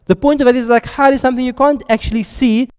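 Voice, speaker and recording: A man's voice: extremely high pitch, steady tone, fast, smooth. A man teaching a classroom lesson, often stopping to ask his students questions and check they are following. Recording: reverberant hall sound.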